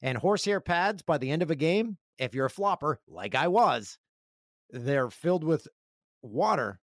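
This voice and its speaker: Lively joking male podcast host. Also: fairly high pitch, normal speed, no room sound, studio quality. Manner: joking, rambling storyteller. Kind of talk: casual chat.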